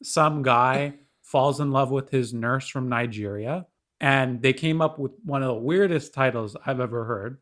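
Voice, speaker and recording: A man's voice: mid-range voice, unhurried, a bit bright. Young male podcast co-host, casual and wry, mid-range voice. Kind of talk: casual chat.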